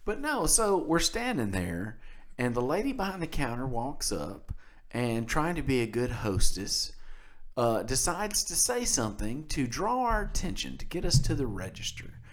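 A podcast co-host from South Mississippi tells a story at a moderate pace, his mid-range voice swinging widely up and down. He laughs a lot and keeps things loose and chatty.

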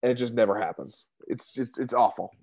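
A man's voice: medium pitch, fairly quick, a little mellow. A man who hosts a podcast, chatting casually about bad films, laughing along and swearing. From Australia. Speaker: podcast host. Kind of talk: casual chat.

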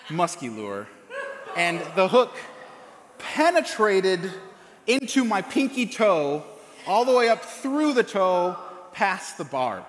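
Rambling preacher in an echoey hall. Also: male voice, sits high, sing-song, slow pace. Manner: casual, rambling storytelling with many fillers and restarts. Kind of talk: sermon with a personal story. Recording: echoey hall with long reverb.

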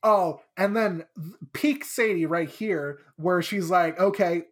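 A podcast co-host casually recaps a book chapter, animatedly acting out the characters' lines in quotes as she goes. Her voice is medium-pitched and she takes it slowly.

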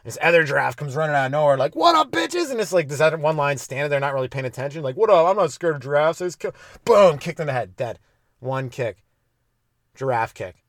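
Slightly high-voiced and quick-talking, a stand-up comedian hosts a podcast by himself, recorded dry at studio quality. His rambling riff wanders through his own jokes with swearing, self-directed laughter, and playful silly voices.

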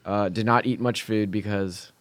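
A young man co-hosting a casual podcast, joking in a dry, deadpan way. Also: on the low side, moderate pace, no echo. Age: young adult. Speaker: podcast co-host. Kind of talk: casual chat.

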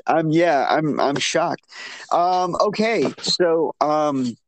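Chatty man, slightly high voice. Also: drawn-out words, dry recording. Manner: rambling, self-interrupting, animated when incredulous. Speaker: podcast co-host. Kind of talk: casual film review chat.

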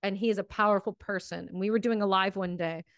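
She talks fast in a mid-range voice with fairly even intonation, in a studio-quality recording with no echo. Hosting a podcast, she offers emotional, fiery commentary laced with swearing before interviewing her guest.

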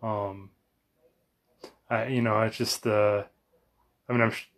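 A man's voice: on the low side, flat delivery, slow. An American man rambling in a casual monologue at home, sweaty from exercise, full of fillers and restarts. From United States. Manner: chatty, meandering, frequent fillers and restarts. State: sweaty and warmed up after exercise. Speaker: vlogger. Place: home bedroom.

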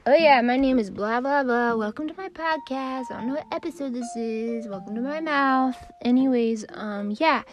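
A young adult woman hosting a podcast, telling customer stories in a profane, exasperated, animated rant. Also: high-pitched, normal speed, hardly any pauses, muffled recording. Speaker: podcast host. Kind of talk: casual comedic rant.

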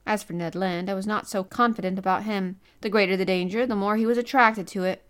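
Expressive woman reading an audiobook. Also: mid-range voice, brisk, hardly any pauses, smooth. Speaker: audiobook narrator. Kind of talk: scripted narration.

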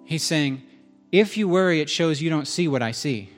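Animated man preaching a sermon. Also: a little high, normal speed, soft background music. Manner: conversational, animated, joking with the congregation. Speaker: pastor.

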